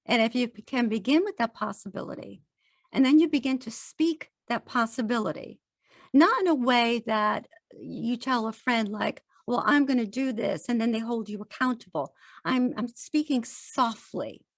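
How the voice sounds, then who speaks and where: A woman's voice: on the high side, moderate pace, dry recording, studio quality. A woman guest on a podcast, talking in an earnest, encouraging way and acting out little quotes in conversation. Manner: earnest, encouraging, animated quoting. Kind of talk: casual interview chat.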